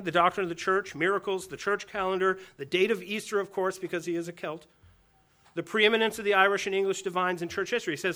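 A man giving a lively teaching lecture on church history, animated and quick to chuckle as he acts out quotes. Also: high voice.

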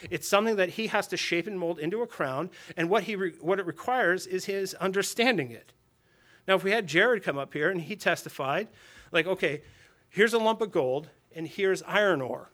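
A man's voice: sits high, fairly quick, pushed and bright. A man preaching to a group of men, conversational, with rhetorical questions and phrases said twice. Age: adult with a daughter and wife. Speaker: pastor. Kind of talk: sermon to a men's gathering.

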